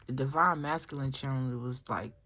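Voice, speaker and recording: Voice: mid-range voice, normal speed, bright, forceful tone. Rambling, chatty tarot reader. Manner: rambling, with restarts and filler asides; chatty, addresses viewers directly. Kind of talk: casual spoken tarot reading.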